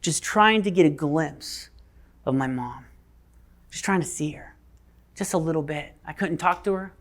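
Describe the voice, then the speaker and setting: Man reading as a quiet, grieving writer, wistful and low. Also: a little slow. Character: grieving writer remembering his sick mother.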